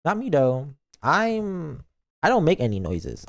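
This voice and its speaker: A man's voice: mid-range voice, wildly swooping pitch, measured pace, gravelly. A man streaming a game as a VTuber, chatting casually with his viewers in a playful, goofy, mock-defensive way.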